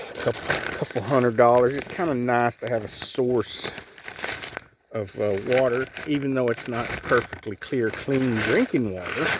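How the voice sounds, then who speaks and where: A man's voice: medium pitch, a little hiss or hum. Man, casual folksy vlogger, mid-range voice, meandering delivery. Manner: folksy, rambling, chats to his cats. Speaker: homeowner showing his projects. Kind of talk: casual rambling vlog narration.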